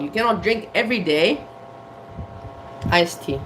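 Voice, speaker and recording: A woman talks straight to her camera in a home kitchen, candid and blunt. She swears freely and laughs at herself. Her voice sits at an ordinary pitch, with a faint bed of room noise underneath. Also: lively intonation, moderate pace. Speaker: vlogger. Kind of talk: candid casual talk to camera.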